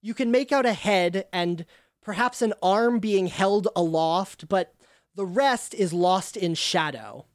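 A woman's voice: mid-range voice, slow pace, dry recording, clean studio sound. A woman game master describing scenes for a tabletop game, with frequent ums.

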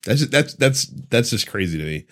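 A man's voice: mid-range voice, brisk. A man hosting a casual podcast who chats loosely and laughs often. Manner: laughs often, lively and chatty. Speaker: podcast host.

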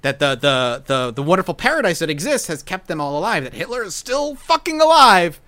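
A man hosting a podcast in casual chat, animated, profane and enthusiastic as he lays out the topic. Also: sits high, fairly quick. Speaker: podcast host.

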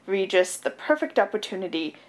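Her mid-range voice is sing-song and a little fast. As a podcast co-host in a casual chat, she runs through a movie's plot, chatty and giggly, with plenty of fillers and laughter.

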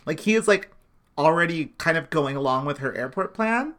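A podcast co-host with a mid-pitched voice talks casually about a TV episode. They come in calmly to correct details and add moments to the recap, in a relaxed, conversational way. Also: normal speed.

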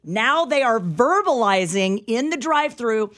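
Radio co-host, woman, middle-aged, animated storyteller with an exasperated edge. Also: medium pitch, moderate pace. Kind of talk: casual talk radio chat. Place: radio studio.

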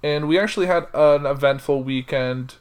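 A man's voice: on the high side, moderate pace, clear, resonant tone. A young adult man co-hosting a casual chat podcast, slipping into a mock news-anchor delivery. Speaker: podcast co-host.

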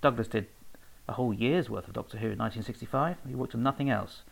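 A man talks casually and at length, wandering from one anecdote to the next. His voice has a gravelly, creaky edge at a middling pitch, and he pads his talk with fillers and restarts. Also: fast talker, low-quality recording. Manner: rambling and anecdotal, with fillers and self-corrections. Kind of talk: casual spoken talk about research.

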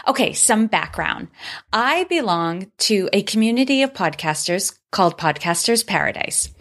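A woman's voice: mid-range voice, very animated, normal speed, a bit bright. A woman hosting her own podcast, talking upbeat and grateful as she thanks listeners and reads their reviews aloud. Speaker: podcast host. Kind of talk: solo podcast monologue.

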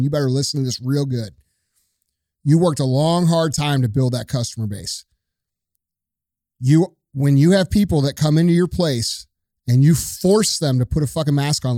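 A man's voice: on the high side, dry recording, clean studio sound. A man co-hosting a podcast, ranting with profanity in casual talk. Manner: profane, forceful, preachy. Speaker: podcast co-host.

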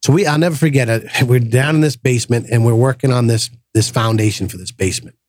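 A man hosting a podcast, telling a personal story in a casual, animated way and acting out the voices of the people in it. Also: mid-range voice, quick pace. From grew up in the projects. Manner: animated storyteller, acts out quoted voices, frequent restarts. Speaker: podcast host.

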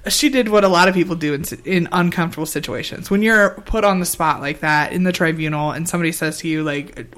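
A man co-hosting a podcast, recapping episodes in casual chat, animated, with frequent fillers and laughs. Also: fairly high pitch, fast, hardly any pauses. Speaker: podcast co-host.

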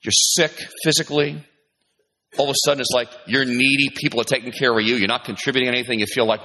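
A middle-aged man preaching a sermon with animated delivery, moving from loud, high emphasis to low, quiet asides as he acts out his listeners' thoughts. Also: quick pace. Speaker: pastor.

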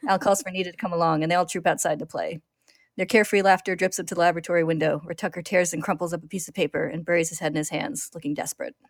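A woman podcast host retelling an episode in steady, clear storytelling narration. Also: fairly low pitch, racing, no echo, studio quality.

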